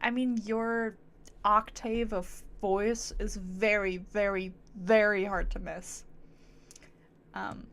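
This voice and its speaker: A woman's voice: medium pitch, level tone, slow, a bit bright. A woman streamer giving casual, playful commentary on a game, teasing and swearing.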